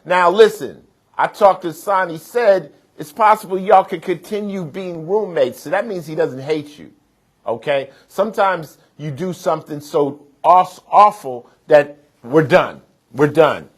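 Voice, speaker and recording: A man's voice: fairly high pitch, a little slow. Blunt teasing man hosting a mediation show. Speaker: TV mediator host. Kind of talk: TV mediation hearing.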